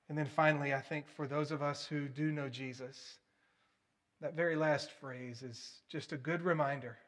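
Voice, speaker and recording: A man preaching a sermon in an earnest, emphatic way, swinging between loud stresses and hushed, quiet appeals. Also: a little high, steady tone, moderate pace.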